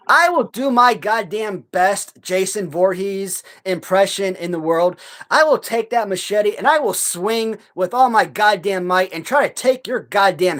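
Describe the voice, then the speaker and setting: A man hosting a live stream in casual chat, swearing heavily as he rants in a heated, halting way full of restarts. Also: sits high, a bit bright. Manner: profane, heated ranting; halting, many restarts and fillers.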